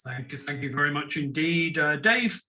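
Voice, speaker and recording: A man with a higher-than-usual voice hosts an online business panel over a video call. He chats his way through it, repeating words as he goes and tossing in quick asides. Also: expressive, pushed and bright. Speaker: webinar host.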